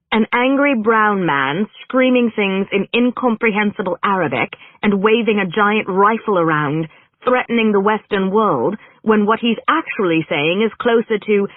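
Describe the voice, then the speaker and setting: A narrator voicing a sharp-tongued young actress woman who answers with quick, indignant retorts. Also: mid-range voice, no echo, voice pushed up. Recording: narrow phone-like band, dry.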